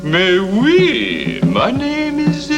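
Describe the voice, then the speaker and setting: A man squeaking out a snooty female French poodle. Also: huge pitch swings, music in the background, exaggerated voice. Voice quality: high, drawn-out falsetto.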